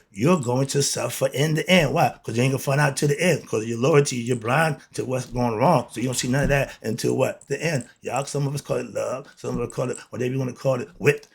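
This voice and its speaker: A man with a medium-pitched, gravelly, slightly rough voice lectures straight to camera like a self-appointed teacher. He's preachy and blunt, using street slang and piling on rhetorical questions.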